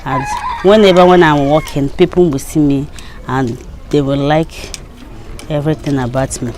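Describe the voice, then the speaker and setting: A woman's voice: low voice, steady tone, normal speed, darkish tone, a little hiss or hum. Shy, hesitant young Nigerian woman. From Imo State, Nigeria. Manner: shy, hesitant, giggly, restarts often. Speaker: interviewee. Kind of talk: unscripted interview answers.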